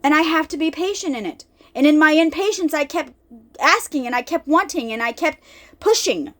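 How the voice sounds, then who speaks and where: A woman with a high, light voice talks about faith in a loose, chatty way. She is animated and keeps circling back on her words, calling her viewers y'all. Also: normal speed. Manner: animated, chatty, repeats herself. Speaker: faith vlogger. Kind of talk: casual Bible talk. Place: lives in an RV.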